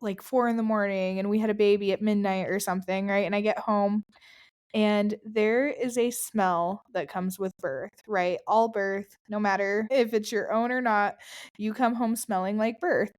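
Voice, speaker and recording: A woman's voice: medium pitch, fairly even intonation, moderate pace, darkish tone, smooth. A woman who works as a birth doula, talking casually in a chatty, rambling way. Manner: chatty, rambling, often laughing. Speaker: birth and postpartum doula, guest. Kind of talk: casual chat.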